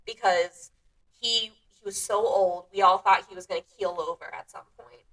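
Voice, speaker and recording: A woman's voice: mid-range voice, fairly even intonation, normal speed. A woman hosting her own podcast, chatting casually and self-deprecatingly, often laughing at herself. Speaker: podcast host. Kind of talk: casual solo chat. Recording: voice a bit distant from the mic.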